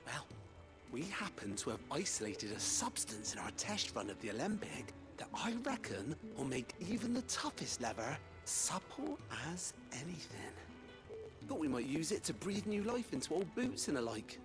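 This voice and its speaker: A man's voice: on the high side, very animated, moderate pace. A chatty, cheery craftsman. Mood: cheerful. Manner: chatty and persuasive. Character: cheery male hideaway craftsman. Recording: video game audio with music.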